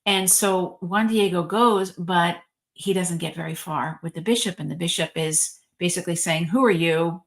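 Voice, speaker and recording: A woman with a lower voice gives a relaxed spiritual talk as a reverend. She retells an old religious story in a chatty, storytelling way, dotted with ums and likes. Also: normal speed. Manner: chatty and warm-hearted, frequent ums and likes, lively storytelling.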